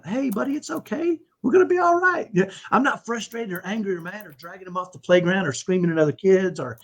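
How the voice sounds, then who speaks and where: A middle-aged man, a podcast guest, telling a story in animated conversation and tagging sentences with "right?". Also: sits high. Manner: animated, repeats "right?" often. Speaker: podcast guest, autism dad.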